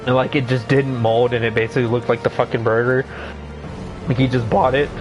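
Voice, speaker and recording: A young man streaming a game, rambling through casual commentary with lots of swearing and excited outbursts. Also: mid-range voice, brisk, over music, low-quality recording.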